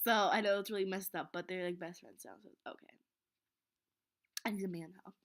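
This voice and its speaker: With a fairly low, steady voice and a fairly quick pace, a teen girl vlogger tells an embarrassing story casually. She rambles, sounds flustered, and frequently sinks into a whisper.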